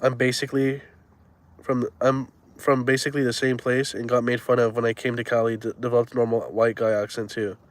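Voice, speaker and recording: Young male streamer, mid pitch, crude slangy chat. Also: level tone, fairly quick. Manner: loose, crude slang-heavy banter. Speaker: live streamer. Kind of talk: casual chat.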